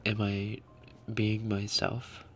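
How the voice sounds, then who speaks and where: A man's voice: on the low side, completely flat delivery, takes it slowly, faint music behind. A man streaming live, reading viewer questions aloud and answering them, sometimes dropping into a whisper. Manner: reads viewer questions aloud, drifting between soft whispers and normal talk. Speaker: ASMR streamer answering chat.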